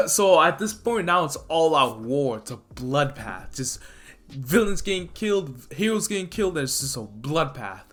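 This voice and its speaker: Brief: a man narrating a fan story off the cuff, bright voice, rambling and excited. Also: on the high side, normal speed. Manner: rambling, excited, trips over names. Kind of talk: casual fan-story retelling.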